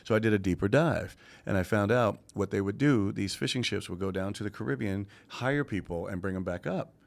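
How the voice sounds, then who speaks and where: A man's voice: fairly low pitch, a little fast, creaky. A middle-aged man, a Broadway actor, chatting as a guest in a playful, storytelling way and laughing often. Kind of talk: casual interview chat.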